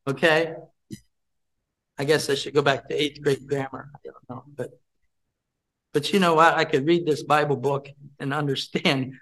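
A man leads a Bible study, teaching from scripture, repeating his points and questioning the group. His voice is on the high side, bright and forceful. The recording is low quality.

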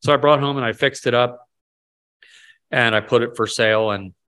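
A man's voice: medium pitch, a little fast, a bit bright, clear, resonant tone. A man leading a casual Bible study, talking in a rambling, self-deprecating way and asking the group questions.

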